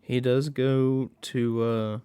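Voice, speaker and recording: A man giving a casual recap of a horror movie, excitable and profane. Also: mid-range voice, takes it slowly, smooth, dry recording, studio quality.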